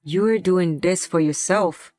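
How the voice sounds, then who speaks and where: A woman playing a young wife who uses a wheelchair, speaking in a gentle, pleading way in a scripted drama. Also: fairly low pitch, slow. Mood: quiet. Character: young wife in a wheelchair, hurt but patient.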